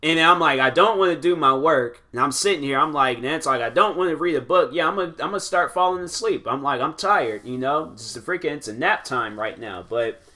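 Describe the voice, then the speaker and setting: A young man hosting his own show, rambling through stories in a casual, animated way with many restarts. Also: on the high side, a little fast, few pauses. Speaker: podcast host. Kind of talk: casual chat answering questions.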